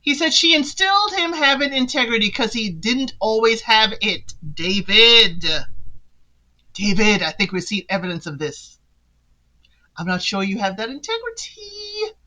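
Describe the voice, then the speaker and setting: A woman's voice: on the high side, very animated, measured pace, sharp tone. A woman hosting a reality TV recap who talks in a sassy, casual way and speaks straight to the people she discusses. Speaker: recap podcast host.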